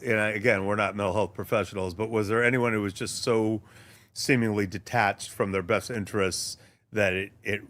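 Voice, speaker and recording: Man, sports journalist guest, low voice, thoughtful, hesitant, casual. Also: steady tone, a little fast, a bit bright. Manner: thoughtful, many ums and restarts.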